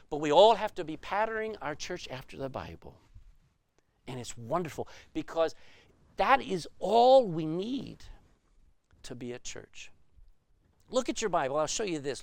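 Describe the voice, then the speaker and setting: A man's voice: high-pitched, dry recording. A man preaching a sermon as pastor, emphatic and full of rhetorical questions.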